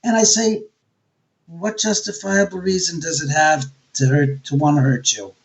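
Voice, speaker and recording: Male radio guest, New York accent, high voice, animated storyteller who acts out dialogue. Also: moderate pace, vocal fry. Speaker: guest, homeowner and author. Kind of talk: casual storytelling interview.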